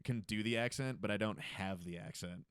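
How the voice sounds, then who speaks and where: A man co-hosting a comedy podcast, talking loosely and swearing a lot while high, from the East Coast of the US. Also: a little fast, a bit bright, clear, resonant tone, no room sound, clean studio sound. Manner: loose, profane, laid-back joking. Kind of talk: casual chat.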